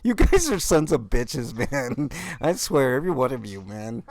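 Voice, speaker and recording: A man hosting a podcast, telling a story with animated mock outrage. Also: medium pitch, moderate pace, hardly any pauses. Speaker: podcast host. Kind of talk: casual chat.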